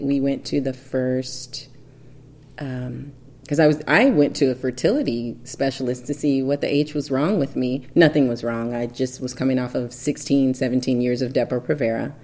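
A woman in her thirties tells a personal story in a casual, chatty way. Her voice sits very low and sounds mellow and warm. She jumps into quoted dialogue with animated bursts.

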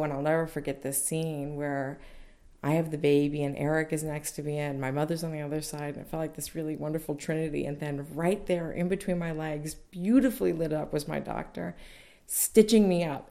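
Young woman with a low, gravelly voice telling a personal story, candid and chatty. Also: mellow. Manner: candid, conversational, many fillers. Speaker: mother recounting childbirth.

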